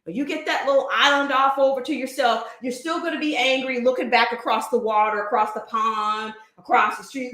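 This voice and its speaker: With a high, bright, forceful voice, this livestream host rants briskly with few pauses, launching rhetorical question after rhetorical question. The recording is reverberant.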